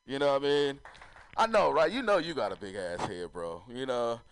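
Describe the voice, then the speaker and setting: A man's voice: mid-range voice, moderate pace, clear, resonant tone, dry recording, poor audio. A man doing a stand-up comedy set, loose and swearing, talking straight to the crowd.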